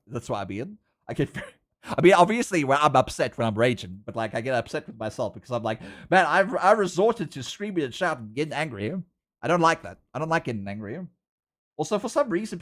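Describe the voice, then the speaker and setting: Lively male streamer. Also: mid-range voice. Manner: animated, laughs often, talks to chat. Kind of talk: casual live-stream chat while drawing.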